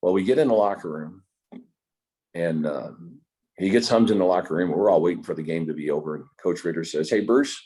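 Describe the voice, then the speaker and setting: A man's voice: deep voice, brisk, dark tone, breathy edge. An older man from Indiana, a guest telling rambling stories in a casual way and acting out other people's lines, talking over a video call. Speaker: interview guest. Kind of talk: casual storytelling.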